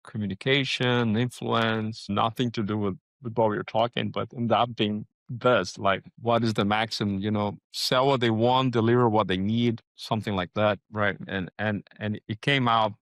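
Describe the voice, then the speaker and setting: A man hosting a podcast interview, musing out loud with halting restarts and searching questions. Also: lowish voice, fairly even intonation, dry recording. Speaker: podcast host. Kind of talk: casual interview conversation.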